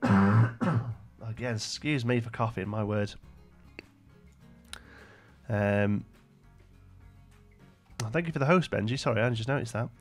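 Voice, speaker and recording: A man's voice: on the low side, slow, pauses often, faint music behind. A young man live-streaming a building game, thinking aloud and chatting with viewers between frequent fillers. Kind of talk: casual live-stream commentary.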